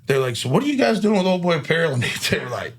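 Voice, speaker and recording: A man's voice: a little high, very animated, fast talker. A man hosting a casual chat, telling stories in an upbeat, chatty way and often asking "you know what I mean.". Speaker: podcast host.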